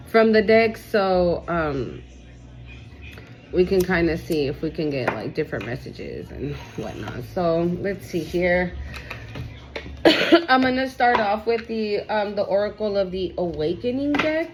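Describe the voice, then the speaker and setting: A woman's voice: fairly low pitch, big pitch swings, measured pace, noisy background. A woman giving a casual tarot card reading, swearing freely and checking in with "okay?" a lot. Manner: casual, profane, repeats "okay?" often. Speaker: tarot reader.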